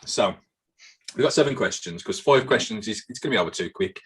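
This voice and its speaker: A man's voice: on the low side, lively intonation, brisk, slightly rough. A man co-hosting a casual podcast and reading out quiz questions, swearing and joking, often repeating himself. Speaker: podcast co-host, quizmaster. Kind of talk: casual chat.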